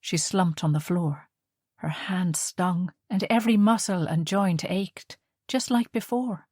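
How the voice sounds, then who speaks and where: A woman's voice: mid-range voice, unhurried, a little mellow, dry recording. Woman narrating an audiobook, dry and close.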